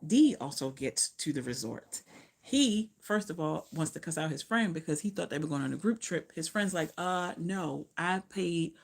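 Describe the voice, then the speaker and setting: A woman's voice: deep voice, big pitch swings, moderate pace, breathy edge. A woman casually recapping a romance novel she just read, chatty and profane, often losing track and correcting herself. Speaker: book reviewer.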